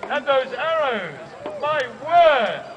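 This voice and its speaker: Very high-pitched and very animated, this Australian festival commentator speaks slowly through a PA, punning and hyping the crowd. The recording is muffled and sits under loud music, with cheering and outdoor noise all around.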